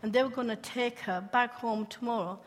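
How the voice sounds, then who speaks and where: A woman telling her conversion-mission testimony as a sermon, animated and laughing often, asking her listeners questions. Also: fairly high pitch, a little fast. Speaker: speaker sharing a testimony. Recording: long hall reverb.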